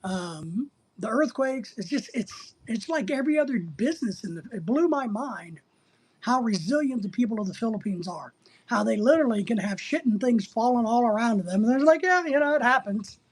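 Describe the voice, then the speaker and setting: A man's voice: sits high, animated, normal speed, a little mellow, husky. A middle-aged man hosting a casual livestream, reading out chat and rambling in a crude, joking way.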